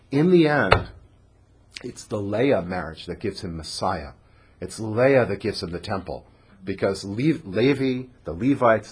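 A man giving an animated Torah lecture, dramatic and acting out the characters' voices. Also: medium pitch, breathy edge. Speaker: Torah teacher.

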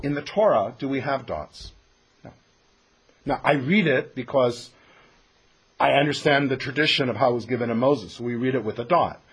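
A man's voice: medium pitch, moderate pace, long pauses, breathy edge. A man teaching a text study class, explaining emphatically and putting questions to his students.

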